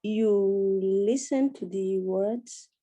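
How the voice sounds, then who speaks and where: A woman student answers in a language class, hesitant and unsure of herself. Her voice is very dark and mellow, and she speaks slowly. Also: mid-range voice.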